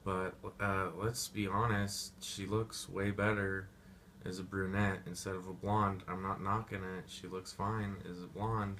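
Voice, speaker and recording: Young man, slow drawl, slightly low voice, slangy and profane, faint background noise. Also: little pitch movement, fairly bright tone. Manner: slangy, profane, goofy impressions. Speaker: movie reviewer. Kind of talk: rambling casual movie review.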